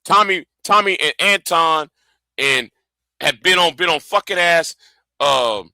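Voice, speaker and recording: A man's voice: on the high side, measured pace, bright, forceful tone, dry recording. A man hosting a livestream, ranting angrily and profanely, often repeating himself and stumbling over words. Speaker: livestream host. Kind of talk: heated livestream rant.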